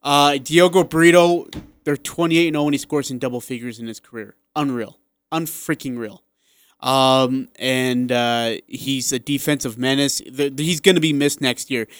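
A man co-hosting a sports radio show, talking in a casual, excitable way and acting out what people said. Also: mid-range voice, moderate pace, clear, resonant tone, dry recording. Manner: excitable, animated storyteller who acts out quotes.

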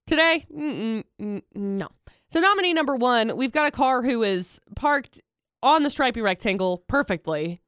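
A woman's voice: on the high side, animated, normal speed, a bit bright, clean tone, no room sound. A woman co-hosting a radio show, bantering playfully and tossing in dry quips.

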